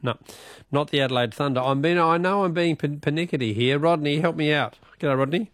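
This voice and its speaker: A man's voice: fairly high pitch, fairly quick, fairly bright tone, no echo, studio quality. A man with an Australian accent hosting a radio quiz, playful and teasing, laughing often. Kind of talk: casual radio talk.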